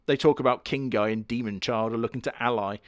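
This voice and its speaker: A man's voice: mid-range voice, steady tone, fast, dry recording, clean studio sound. A man giving crude, sardonic comedic commentary on an anime. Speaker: anime reviewer.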